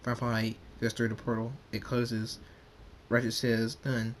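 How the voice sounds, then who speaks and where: A man of middling pitch reads a homemade story aloud, stumbling and restarting over words. His voice is plain, with a faint hiss beneath it. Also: completely flat delivery. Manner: halting, with restarts and slips. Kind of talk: reading homemade fan fiction aloud.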